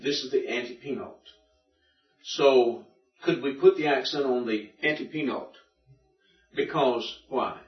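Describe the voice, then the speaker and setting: A man's voice: mid-range voice, unhurried, pauses often. Man lecturing in an echoey classroom. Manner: patient, methodical, repeats and drills. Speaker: teacher. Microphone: room recording from a distance. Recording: distant echoey classroom recording, dull lo-fi.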